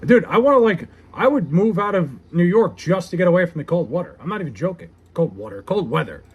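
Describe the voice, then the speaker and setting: A male streamer with a fairly high voice chats casually on his live stream, reading viewer comments aloud. He answers with loose, joking banter, cursing freely and poking fun at himself. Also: lively intonation, fast talker, breathy edge, muffled recording. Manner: joking, profane, self-mocking banter with viewers. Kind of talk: casual livestream chat.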